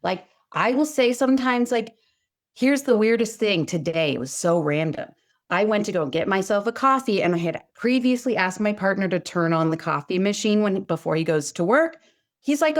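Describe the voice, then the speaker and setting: A middle-aged woman co-hosting a heartfelt talk show, speaking casually and acting out her own quoted words with big jumps in her voice. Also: normal speed. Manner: expressive, acts out quotes with big pitch jumps. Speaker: podcast co-host. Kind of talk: casual chat.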